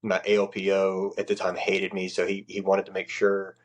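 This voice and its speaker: A man's voice: completely flat delivery, moderate pace. A man, a Navy chief and podcast guest, telling war stories in a blunt, profane way. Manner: blunt, profane, acts out quoted people in a much higher voice. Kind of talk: casual storytelling.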